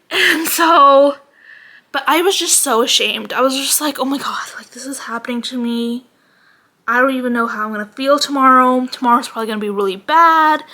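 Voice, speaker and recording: A young adult woman venting in a casual vlog, animated and sweary, peppering her talk with "like", a little out of breath. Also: high voice. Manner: animated, heavy use of "like", swearing. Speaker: vlogger.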